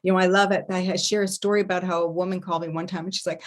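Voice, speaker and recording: A woman with a somewhat low voice talks through an online workshop on intimacy. She is animated and expressive, stretching some phrases out slowly and breaking into hums and murmurs to show what she means. Her delivery is loose and conversational, with frequent laughter. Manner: animated storytelling, laughs often. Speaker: intimacy coach and festival presenter. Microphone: home setup, online stream.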